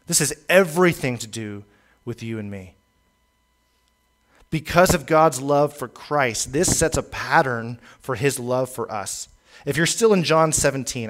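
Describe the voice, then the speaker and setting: A male pastor in the middle of a sermon, speaking with steady, mid-range pitch. He drives his points home by repeating phrases, and now and then restarts a word as he builds. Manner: emphatic, repeats key lines for weight, occasional stumbles.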